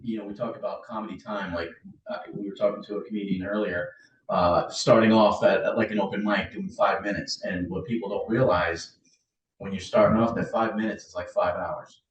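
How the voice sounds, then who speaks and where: A man hosting a casual podcast interview, laid-back and quick to laugh. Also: fairly low pitch, fairly even intonation. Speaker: podcast host. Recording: echoey, distant mic, dull with faint noise.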